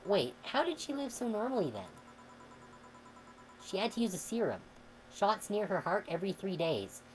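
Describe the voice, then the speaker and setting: A woman streamer reading a game's dialogue aloud, expressive and sometimes heated. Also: medium pitch, moderate pace, slight background noise, low-quality recording. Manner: expressive, swings into heated outbursts when reading.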